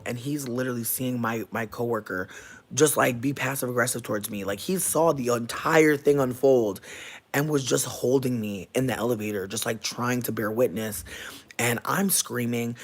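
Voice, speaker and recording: A man's voice: medium pitch, vocal fry. A man telling an emotional storytime to his viewers, profane and rambling, full of fillers. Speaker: vlogger. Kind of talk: candid storytime rant.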